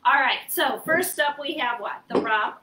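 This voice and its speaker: A woman's voice: sits high, normal speed, pushed and bright. A woman hosting a live sale stream, chatting cheerfully as she mixes a drink. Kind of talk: casual live-stream chat. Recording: roomy echo, from a distance.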